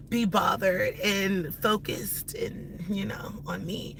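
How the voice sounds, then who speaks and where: Woman, blunt cursing rant, moves between loud and hushed, car interior, road noise. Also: mid-range voice, slow pace, vocal fry. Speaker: live-stream host. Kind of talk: ranting live-stream vlog. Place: inside a car while driving.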